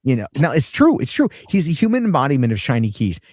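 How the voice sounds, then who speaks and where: Animated, profane male reaction host. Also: mid-range voice, quick pace, dry recording, studio quality. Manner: profane, sarcastic, rambling. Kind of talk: casual reaction commentary.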